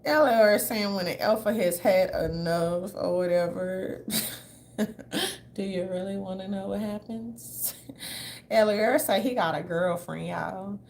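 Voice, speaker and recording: A woman's voice: mid-range voice, takes it slowly, darkish tone, slight background noise. A woman from the southern United States doing casual livestream commentary, loose, chatty, blunt and profane as she talks straight to her viewers.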